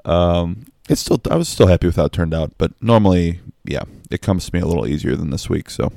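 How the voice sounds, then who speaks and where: A young man casually telling a story at home with a quiet voice, laughing at himself and dropping apologetic asides. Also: sits low, expressive, brisk, creaky, no echo, studio quality. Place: home at night, kept quiet.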